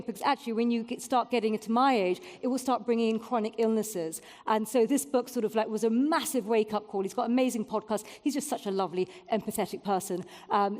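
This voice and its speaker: A woman's voice: fairly high pitch, a little mellow, big-room sound. A woman in her forties giving a candid, self-mocking conference talk with frequent fillers. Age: 40s. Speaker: keynote speaker. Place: event venue before an audience.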